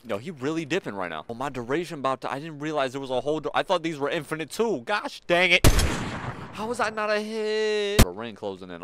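Excitable fast-talking gamer guy. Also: medium pitch, noisy background. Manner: excitable, reacting loudly, talking to viewers. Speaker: gaming video creator. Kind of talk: live gameplay commentary.

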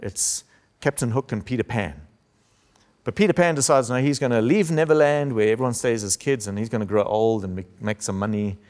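A man preaching in church, telling a story and acting out the quoted lines with his voice. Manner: storytelling, acts out quotes with shifts in pitch and loudness. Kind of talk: sermon.

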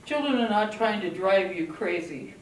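Animated woman telling parenting stories. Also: mid-range voice, normal speed. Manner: lively storytelling, acting out quoted family voices. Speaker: parenting speaker. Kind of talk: talk to an audience. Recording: distant mic, roomy echo, faint background noise.

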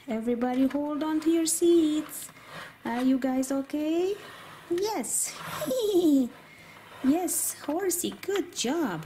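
A woman narrating pretend play with toys, talking gently and sing-song, as if to a small child. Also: high voice, slight background noise.

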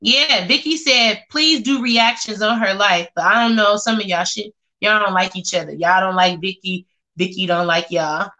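A woman's voice: mid-range voice, moderate pace, sharp tone. A woman chatting casually on a live stream, reading comments aloud and reacting with sass. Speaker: vlogger reading live chat.

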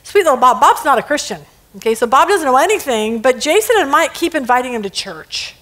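High, lively woman Bible study teacher, casual and chatty, laughs often. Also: a little fast, poor audio. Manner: animated, laughing, acts out scenes.

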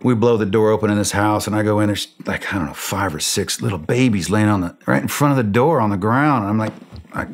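Speaking fairly low and at a quick pace, this middle-aged man, once a special operations soldier, recounts a war story in a podcast interview, performing the dialogue with blunt, animated energy.

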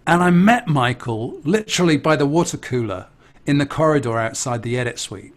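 An English man, a musician, telling a casual anecdote in an animated, chatty way with amused asides. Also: mid-range voice, fairly quick. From England. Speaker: interviewee, musician.

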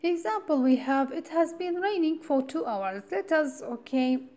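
A woman's voice: sits high, lively intonation, a little slow, mellow. A woman from Iraq giving a university grammar lecture, explaining step by step, repeating key points and asking rhetorical "what?" questions. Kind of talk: recorded classroom lecture.

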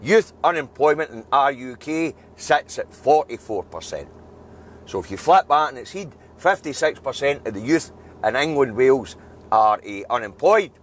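A man's voice: mid-range voice, sing-song, moderate pace, a little hiss or hum. A Scottish man giving an angry, blunt news review, swearing freely and building to emphatic outbursts. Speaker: political video commentator.

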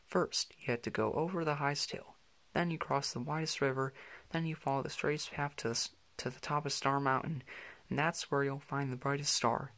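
Man reading as Map, confident talking map, instructive, middle pitch, storybook. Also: steady tone, fairly quick, a bit bright, close to an everyday voice.

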